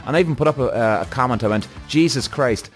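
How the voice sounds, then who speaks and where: Man, podcast host, solo rant, blunt, profane, heated, keeps correcting himself, middle-pitched voice. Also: rapid-fire, soft background music. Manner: restless, self-correcting.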